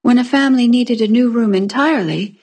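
A woman narrating a fantasy short story in a calm, measured way. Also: on the high side, husky. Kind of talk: scripted fiction narration.

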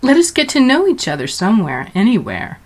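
A woman voicing Death as a suave, unflappable male suitor who speaks in a calm, dry, matter-of-fact way in a storybook reading. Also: medium pitch, fairly quick, pitched above the performer's own voice.

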